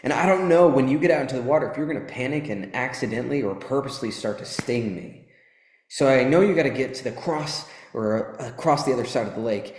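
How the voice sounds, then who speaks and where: A man's voice: mid-range voice, a little mellow, natural voice. A man voicing a kind but cautious male frog in a spoken fable. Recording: echoey hall.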